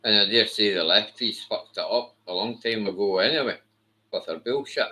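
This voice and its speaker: A man's voice: lowish voice, moderate pace, bright, forceful tone, poor audio. A man delivering a blunt, profane, scornful monologue to camera. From Britain. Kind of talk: ranting monologue.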